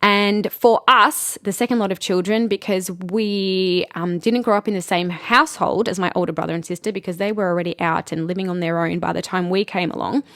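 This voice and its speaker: A woman speaking openly and earnestly in a personal podcast monologue as a spiritual host, with soft laughs and fillers. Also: fairly low pitch, steady tone, brisk, few pauses, no echo, studio quality.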